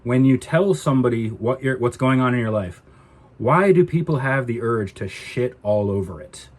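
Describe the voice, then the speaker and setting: Exasperated man ranting, husky voice. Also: mid-range voice, expressive, moderate pace. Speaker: vlogger. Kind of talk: casual ranting vlog.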